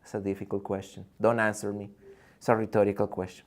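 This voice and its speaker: A man's voice: on the low side, completely flat delivery, fast. Man, English teacher on a video call, jokey and theatrical, plays both teacher and student. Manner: playful, theatrical, jokes and acts out student questions. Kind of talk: live online English lesson.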